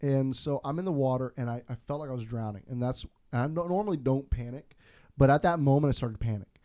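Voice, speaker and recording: A man from Florida, a podcast guest, telling a story in a casual, animated, self-deprecating way with frequent restarts. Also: medium pitch, quick pace, no echo, studio quality.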